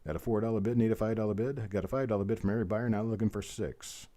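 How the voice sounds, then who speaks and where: Here the auctioneer's pitch is fairly low and his tone steady and mellow as he moves quickly through an online coin sale. Over and over he calls bids, dropping in friendly remarks to the people bidding.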